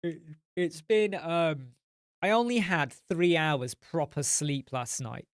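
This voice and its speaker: A man's voice: on the high side, animated, takes it slowly, no echo. Tired, rambling man on a dry mic. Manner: rambling, chatty, reads out viewer comments. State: tired, yawning. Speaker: live chat host. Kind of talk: casual live-stream chat.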